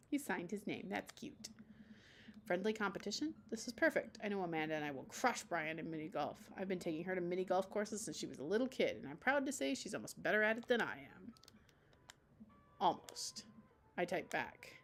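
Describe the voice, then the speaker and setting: A woman's voice: lowish voice, lively intonation, a little fast, a little hiss or hum. A young woman streamer reading a dating game aloud at home, playful and chatty as she acts out the text.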